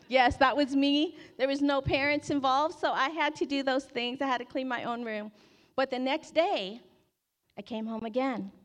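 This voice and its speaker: A woman in her forties giving a personal faith testimony as a campus ministry staff member, animated and acting out her own past words as she tells the story. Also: a little high.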